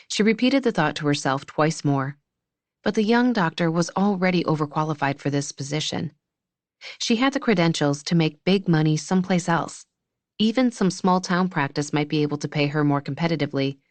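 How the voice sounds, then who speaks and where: A woman narrating an audiobook in an even, measured reading style. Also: deep voice, dry recording. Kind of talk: scripted narration.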